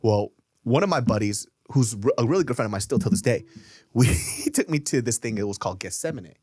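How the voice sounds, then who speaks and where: A man's voice: medium pitch, fairly quick, slightly rough, dry recording. A man hosting a podcast, telling stories in casual, profane chat. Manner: profane, animated storytelling. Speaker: podcast host.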